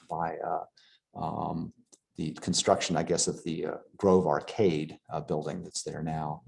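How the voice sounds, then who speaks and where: A man giving a local history lecture over slides, pausing often with fillers and restarting his sentences. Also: low-pitched, vocal fry, darkish tone. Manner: halting, many fillers and restarts.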